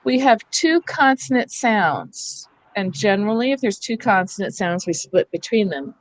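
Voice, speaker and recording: A woman's voice: mid-range voice, animated, normal speed, dry recording, rough recording. A woman presenting a hands-on reading workshop to teachers in a school room, explaining patiently and checking in with the group as she goes.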